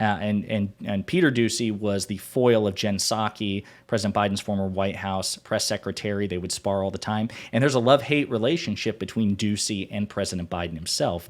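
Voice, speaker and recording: A man hosting a political commentary show, arguing his points emphatically and repeating them for stress. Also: lowish voice.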